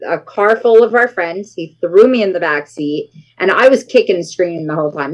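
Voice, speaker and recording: A woman in her forties, appearing as a guest in a casual interview, tells a story through dramatic, animated retellings and acted-out quotes. She speaks fairly quickly in a lowish voice, and the audio sounds dull.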